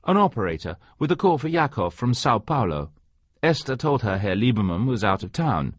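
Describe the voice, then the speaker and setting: A man narrating an audiobook in expressive scripted storytelling. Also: mid-range voice, normal speed, slightly rough, no room sound. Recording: dry, slightly dull audio.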